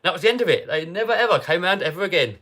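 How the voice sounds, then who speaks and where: A British man hosting a livestream, telling a story casually and animatedly, dropping to mutters and rising to loud outbursts. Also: high-pitched, animated, very fast. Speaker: livestream host.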